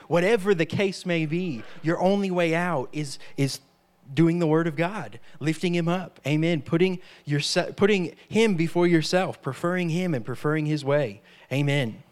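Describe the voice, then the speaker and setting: A man's voice: a little high, normal speed. A man preaching a sermon, emphatic, repeating key phrases and dropping in frequent amens.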